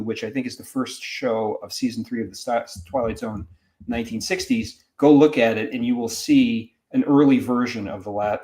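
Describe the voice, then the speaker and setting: Man, professor, mid pitch, animated, rambling restarts, casual podcast talk. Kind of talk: casual discussion.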